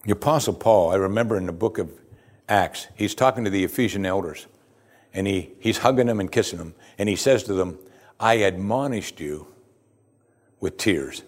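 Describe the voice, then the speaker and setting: A male pastor delivers a sermon in a fairly low voice. He is earnest and emphatic, leaning into key words and often letting his phrases fall to a hush. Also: brisk. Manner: earnest, emphatic, often dropping to a hushed close.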